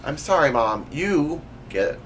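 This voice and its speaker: A male host reading funny text messages aloud in a comedic, animated way, putting on voices for the senders. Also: a little high, unhurried, noisy background.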